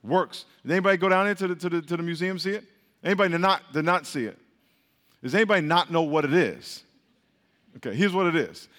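A man preaching a sermon, leading the congregation in call-and-response with quick, repeated prompts. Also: a little high, a bit bright. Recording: long reverb of a hall.

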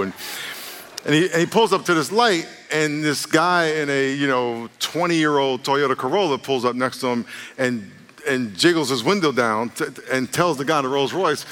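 Male pastor, sermon with comic storytelling, bright forceful tone, long church-hall reverb. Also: medium pitch. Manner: jokey, animated storytelling, acts out characters.

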